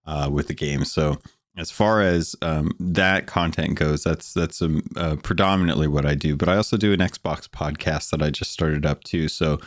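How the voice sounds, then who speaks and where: Male podcast guest, very low deep voice, relaxed rambling delivery, dry sound. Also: moderate pace, no echo. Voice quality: deep morning voice. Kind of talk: casual podcast chat.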